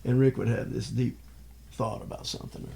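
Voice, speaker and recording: A man's voice: medium pitch, level tone, brisk, creaky, dark tone. An older man chatting casually as a podcast guest, telling rambling stories and often restarting his sentences. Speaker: guest, father of the host. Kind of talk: casual chat.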